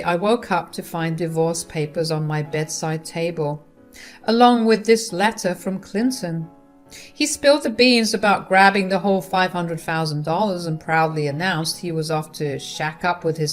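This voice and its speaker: A woman's voice: on the low side, moderate pace. A woman narrating a first-person revenge story in a wry, dramatic way. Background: faint guitar music.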